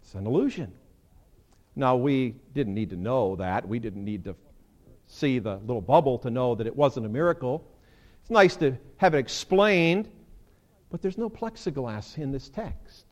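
A man preaching a sermon as pastor, animated, acting out quoted lines with sudden leaps in pitch. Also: moderate pace.

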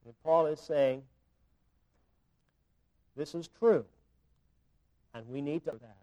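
A man's voice: fairly high pitch, slow pace, dark tone, poor audio. A man preaching a sermon, explaining a Bible text with emphatic, repeated phrasing.

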